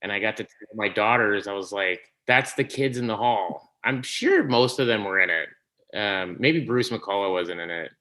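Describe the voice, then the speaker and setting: A man, a podcast guest, telling stories in casual conversation, animated and laughing often. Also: on the low side, moderate pace. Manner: animated storytelling, laughs often, trails off and restarts.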